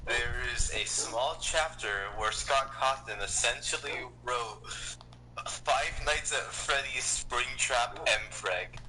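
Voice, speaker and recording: A man's voice: mid-range voice, slow pace. A young man chatting casually on a stream, who teases his co-host and drops offbeat trivia with mock gravity. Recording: noisy voice chat mic.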